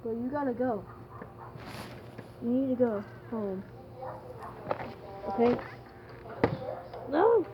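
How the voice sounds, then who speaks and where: Vlogger woman with a slightly high voice, pleading softly and apologetically, recorded on a dull lo-fi phone outdoors. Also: unhurried, long pauses. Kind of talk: casual talk to an animal. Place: outdoors by a house door in the cold. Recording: lo-fi phone audio with noisy outdoor background.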